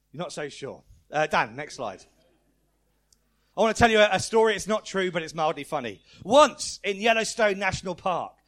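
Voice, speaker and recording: A man preaching a lively, playful family-service sermon in church, asking the congregation questions and calling out their answers. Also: high-pitched.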